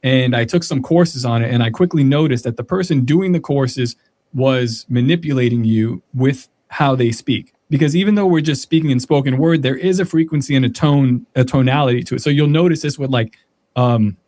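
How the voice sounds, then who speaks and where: A man joins a podcast over a remote call and muses at length, circling his points with many fillers. His voice sits mid-pitch and sounds dry. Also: moderate pace, a little mellow, no room sound. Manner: rambling, reflective, many fillers. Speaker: podcast guest. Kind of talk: casual podcast chat. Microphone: remote call connection.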